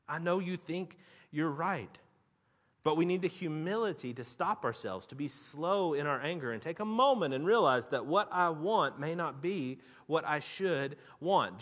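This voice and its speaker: Animated, bright-voiced male preacher. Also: on the high side, in a large hall. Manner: lively storytelling with animated rising outbursts. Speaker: pastor. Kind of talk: sermon.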